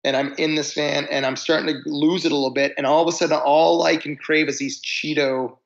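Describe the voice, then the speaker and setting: A gravelly-voiced man in his forties tells a tour story in a loose, rambling way. He restarts sentences and stretches words for emphasis. The audio sounds a little dull and lo-fi. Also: on the high side, little pitch movement, a little fast. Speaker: podcast guest, musician. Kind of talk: casual chat, storytelling.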